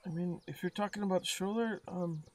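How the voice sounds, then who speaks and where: A nervous young information seller who stammers and trips over his words, as a man puts him on in a tabletop game. The voice sits noticeably higher than an everyday speaking voice. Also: fairly quick, lightly acted. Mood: hesitant. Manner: stammering, flustered.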